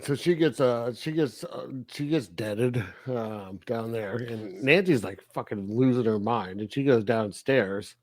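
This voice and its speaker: A man's voice: mid-range voice, measured pace, hardly any pauses, no room sound. Laughing man co-hosting a film chat. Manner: laughs often, acts out scenes in funny voices. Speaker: podcast co-host. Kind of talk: casual film review chat.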